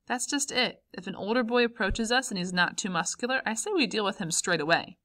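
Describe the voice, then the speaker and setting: A woman's voice: mid-range voice, brisk, bright, forceful tone, voice pushed up, close to an everyday voice. A woman voicing a bold, joking teenage schoolboy in an audiobook. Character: teenage boy, schoolfriend, cocky.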